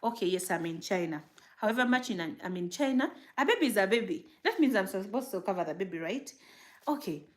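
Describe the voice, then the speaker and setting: Woman vlogger, casual livestream chat, lively and rambling. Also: medium pitch, brisk. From Uganda. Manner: animated, rambling, reading viewer comments. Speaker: vlogger and new mother.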